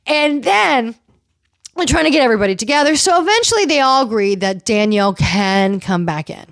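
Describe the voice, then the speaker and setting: A woman hosting a casual recap show, chatty and animated, acting out quotes from the people she talks about. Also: fairly high pitch, normal speed, no echo, clean studio sound. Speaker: podcast host recapping reality TV.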